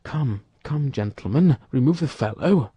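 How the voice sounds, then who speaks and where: A man reading an audiobook, voicing a bold, quick-witted young male musketeer who talks in a commanding, brisk way. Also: mid-range voice, expressive, dark tone, husky, no room sound, pitched above the performer's own voice.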